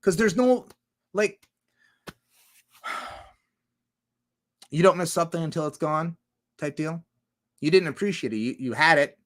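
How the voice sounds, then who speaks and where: A man's voice: on the high side, expressive, slow pace, pauses often, a bit bright. A man chatting casually on a livestream, rambling with many restarts, swearing heavily and laughing often. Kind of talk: casual rambling stream chat.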